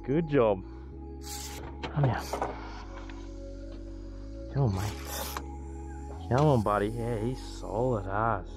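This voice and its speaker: Excitable Australian man fishing outdoors. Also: fairly low pitch, takes it slowly, pauses often, over music. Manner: excitable, swears freely, talks to the fish. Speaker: fishing vlogger. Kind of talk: casual running commentary.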